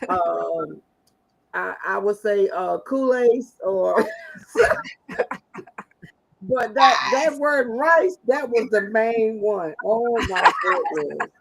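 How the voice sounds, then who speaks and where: Slow-talking woman from rural South Carolina. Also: medium pitch, animated, gravelly, a bit bright, husky, rough recording. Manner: slow, laughing storyteller. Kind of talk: casual chat.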